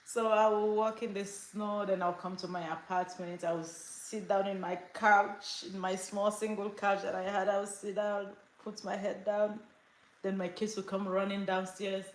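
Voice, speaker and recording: A woman's voice: medium pitch, normal speed, slight background noise. A middle-aged woman from Africa, hosting a lifestyle livestream, telling a story casually with lots of laughs and fillers. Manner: animated, laughs often, many fillers. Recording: roomy echo.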